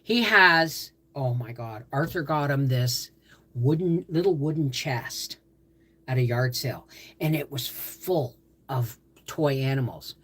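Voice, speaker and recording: An older woman with a notably low voice hosts a casual livestream. She rambles from story to story, often stops mid-sentence to restart, and picks up comments from viewers as they come in. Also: slow pace, fairly bright tone, slightly rough. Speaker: livestream host.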